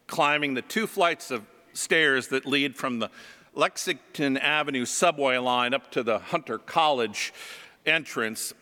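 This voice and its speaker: A man, a pastor, preaching a sermon and telling stories in a slow, reflective way. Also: on the high side, bright, forceful tone, in a large hall. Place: church.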